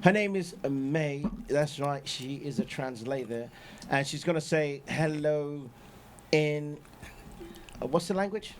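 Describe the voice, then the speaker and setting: A man hosting a talk show, playful and loud, with a catchphrase he repeats again and again. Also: a little high, takes it slowly, slight background noise. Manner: shouty, playful, repeats "that's right". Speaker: host. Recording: lively crowd chatter behind.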